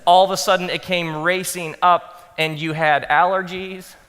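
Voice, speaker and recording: A man speaking as a pastor to a live audience, telling animated stories and acting out his own thoughts in soft asides. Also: sits high, normal speed, clear, resonant tone, long reverb tail. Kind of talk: talk to pastors, animated storytelling.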